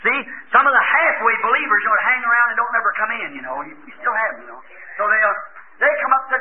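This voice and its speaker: A preacher with a strikingly high voice tells the story in a folksy way, acting out each character as he goes. The sound is thin and tinny, like an old tape recording with a faint hiss running under it. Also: animated, fast talker. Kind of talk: sermon.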